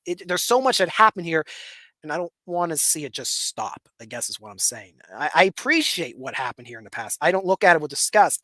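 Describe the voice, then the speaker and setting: A man's voice: fairly high pitch, a bit bright, no room sound. A young man from Western Pennsylvania with a Western Pennsylvania accent, hosting a solo commentary show, rambling and repeating words as he talks. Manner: rambling, repeats words, chuckles while talking. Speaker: podcast host.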